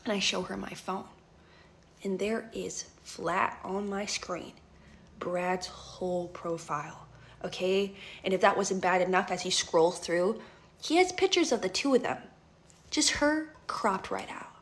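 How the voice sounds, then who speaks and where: A woman's voice: mid-range voice, unhurried. A woman in her twenties telling a dramatic story in a chatty vlog, often tagging her lines with "right?" and "okay?". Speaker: vlogger.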